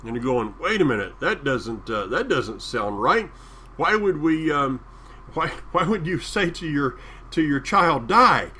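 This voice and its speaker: A man with a Southern US accent preaching a sermon, drawing out key phrases with deliberate emphasis. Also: fairly high pitch, animated, sharp tone, husky.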